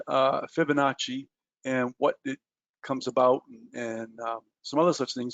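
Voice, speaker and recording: A man's voice: a little high, dry recording. Guy running a trading webinar, rambly w lots of ums, cracks little jokes at himself, dull lo-fi sound, dry. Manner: loose and chatty, many ums and uhs, self-mocking jokes. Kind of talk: explaining at a whiteboard in a webinar.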